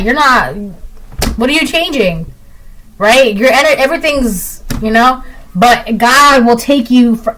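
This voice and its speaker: A woman's voice: a little high, a bit bright, low-quality recording. A woman giving a casual tarot reading, chatty and repetitive, often ending lines with "right?". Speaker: tarot reader.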